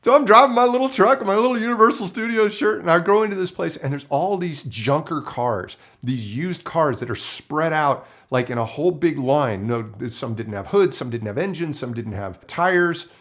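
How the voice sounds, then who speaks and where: A filmmaker telling a story to camera in an animated way and acting out the people in it. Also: male voice, fairly high pitch, moderate pace, few pauses.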